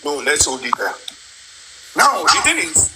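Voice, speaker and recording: A man's voice: on the high side, huge pitch swings, unhurried, creaky. A man in a heated online group discussion, insistent, repeating himself and talking over others. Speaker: live-stream participant. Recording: noisy online call audio.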